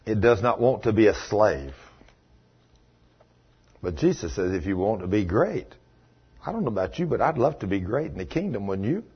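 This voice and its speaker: Man, pastor, sermon, husky voice, dull lo-fi recording. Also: big pitch swings, normal speed, long pauses. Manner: storytelling preacher, swinging from loud exclamations to hushed low passages.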